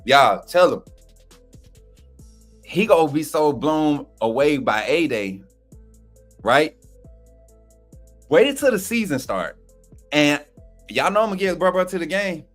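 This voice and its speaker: Excitable man hosting a fan live stream. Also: a little high, a little slow, long pauses, soft background music. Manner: preacher-like shouting and chanting, laughing often. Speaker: sports channel host. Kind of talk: live-stream chat, mock preacher call.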